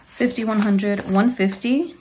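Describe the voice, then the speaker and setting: A young adult woman talking casually to her viewers about her family budget, rambling with fillers, then counting cash aloud in a steady rhythm. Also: medium pitch, measured pace, a little hiss or hum. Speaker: budgeting vlogger. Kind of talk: casual talk to camera while counting cash.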